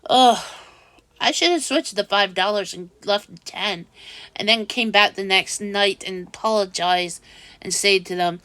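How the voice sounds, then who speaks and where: A woman casually telling a story in a vlog, halting and restarting often, growing exasperated as she goes. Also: mid-range voice, fairly bright tone, no echo. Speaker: vlogger.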